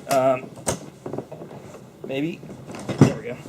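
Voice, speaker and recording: A man's voice: mid-range voice, steady tone, drawn-out words, very noisy. A young man co-hosting a casual movie review chat, loose and profane, often laughing.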